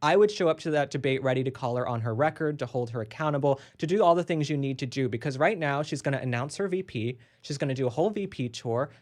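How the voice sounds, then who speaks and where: A woman's voice: very deep voice, quick pace, hardly any pauses, a little mellow. A woman political commentator on a talk show, emphatic and opinionated, often laughing.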